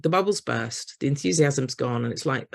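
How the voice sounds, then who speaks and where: A woman's voice: a bass voice, expressive, unhurried, gravelly. A woman, a therapist giving a storytelling workshop talk and acting out little scenes as she goes. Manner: warm storyteller acting out voices of parents and children.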